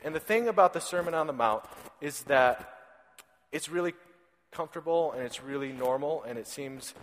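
A pastor in his thirties preaches in a conversational, storytelling style, often repeating a word as he starts a sentence. His voice is medium-pitched and fairly bright, and the hall he's in is reverberant.

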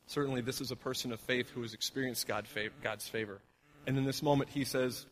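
A middle-aged male pastor preaching a sermon in a conversational way, with fillers, who drops soft and low on the heavy lines. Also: steady tone, fast talker, slight background noise.

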